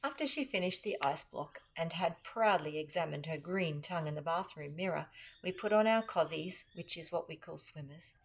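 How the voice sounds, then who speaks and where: Expressive Australian woman reading a kids' story. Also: sits low, moderate pace, a little hiss or hum. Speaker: children's story reader. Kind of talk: reading a children's book aloud.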